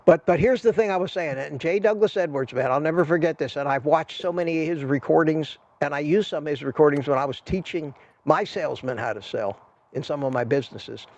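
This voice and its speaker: A man's voice: on the high side, fairly quick, a little mellow. An older man hosting a casual livestream, talking to viewers in a chatty, rambling way with a salesman's patter. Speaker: livestream host. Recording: dull lo-fi stream audio.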